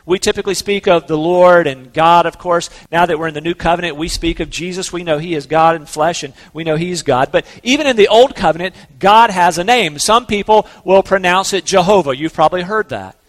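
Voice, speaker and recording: A man preaching a sermon in an earnest, conversational way, slowing down to stress key words. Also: sits high, in a large hall. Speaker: pastor.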